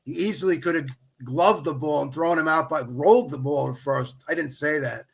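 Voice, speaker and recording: Fairly high-pitched with a creaky, breathy edge, a middle-aged man speaks at normal speed as a podcast guest. An official baseball scorer, he recounts a lengthy anecdote in casual chat, bringing it to life by quoting others.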